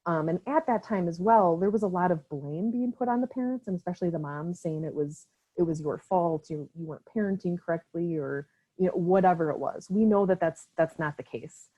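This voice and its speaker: A woman's voice: on the low side, brisk, mellow. Give me a Wisconsin woman with an Upper Midwest accent, presenting casually. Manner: casual, filler-heavy, often tags "right?". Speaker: presenter for a mental health nonprofit. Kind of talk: online training presentation. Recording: slightly dull lo-fi call audio.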